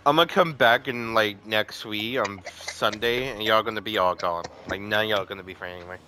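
A man's voice: fairly low pitch, normal speed, pushed and bright, a little hiss or hum. A man in casual gaming voice chat, talking in a laid-back, rambling, slangy way. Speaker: gamer.

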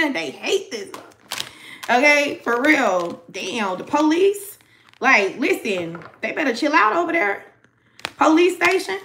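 A woman's voice: high-pitched, big pitch swings, slow pace, bright, forceful tone, slight background noise, low-quality recording. A young woman giving a casual tarot reading to her viewers, chatty and slangy, talking straight to the audience. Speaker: tarot reader.

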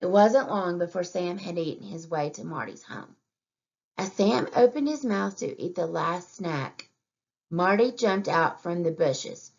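A preschool teacher reads a storybook aloud, her voice gravelly with fry. She pauses to ask questions and point at the pictures, and the recording sounds muffled and lo-fi. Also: lowish voice, expressive. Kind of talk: storytime reading aloud to young children. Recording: dull lo-fi recording.

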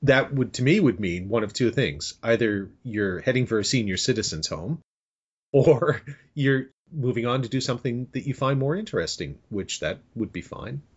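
A man's voice: medium pitch, expressive, moderate pace, slightly rough. A man hosting a podcast, chatting casually and joking and teasing his guest. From Canada. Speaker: podcast host. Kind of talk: casual chat. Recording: dull lo-fi audio.

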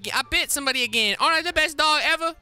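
A man's voice: extremely high pitch, rapid-fire, sharp tone, soft background music, pitched above the performer's own voice, full character voice. A man voicing a brash, streetwise young male police dog who brags in slang during game commentary. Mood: cocky. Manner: cocky slangy boasting. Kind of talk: game commentary role-play.

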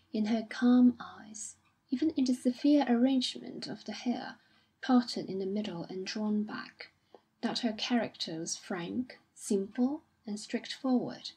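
A woman reading a classic novel aloud in a soft, measured scripted narration. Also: mid-range voice, breathy edge, low-quality recording. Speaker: audiobook reader.

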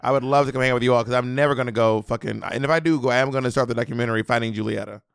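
A man's voice: medium pitch, gravelly, clear, resonant tone, no echo, clean studio sound. A man co-hosting a podcast in a playful, teasing casual chat. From Southern United States. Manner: teasing, quick-talking, playful. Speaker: podcast co-host.

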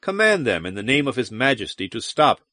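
A man's voice: mid-range voice, sing-song, fairly quick, pushed and bright, no room sound, studio quality. A man voicing a jaded, sardonic male spacer who talks in a mocking, sullen way in an audiobook. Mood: brooding. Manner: mocking, sullen, then brooding and dramatic. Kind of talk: audiobook character reading.

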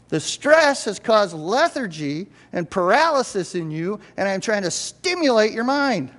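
A man's voice: high voice, very animated, moderate pace, few pauses, fairly bright tone. An older man preaching a sermon in a church, talking conversationally and checking in with the congregation again and again. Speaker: pastor. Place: church sanctuary. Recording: church hall reverb.

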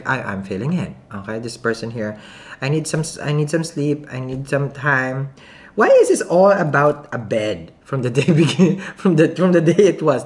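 A woman with a non-native accent giving a casual tarot reading to camera, chatty and giggly, thinking aloud with many restarts. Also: low-pitched. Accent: non-native English accent. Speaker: tarot reader.

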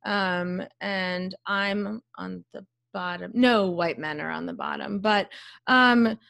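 A woman's voice: mid-range voice, fairly even intonation, slow, creaky, a bit bright. A woman podcast host and psychologist talking candidly in casual conversation, swearing freely, with many fillers.

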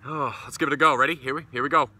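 A man's voice: medium pitch, fairly even intonation, very fast, pushed and bright, husky. A middle-aged man from New England with a New England accent, reviewing a beer in a casual, blunt, profane and sarcastic way while sitting out in his backyard. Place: backyard outdoors.

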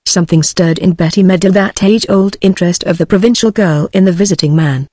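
A text-to-speech woman's voice with a British English accent, reading a story aloud as an audiobook narrator in an even, measured way. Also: on the low side, no room sound, clean studio sound.

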